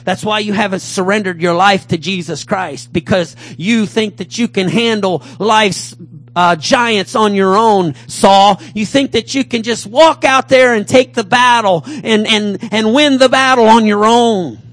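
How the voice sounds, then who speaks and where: A man preaching a fervent sermon, swinging between loud calls and low mutters as he acts out a taunting giant. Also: a little slow.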